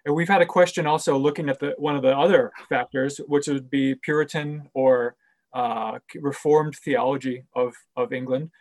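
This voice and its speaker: A man's voice: mid-range voice, steady tone, normal speed. A man moderating a webinar on a video call, reading audience questions and stumbling over his words. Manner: stumbling, self-correcting.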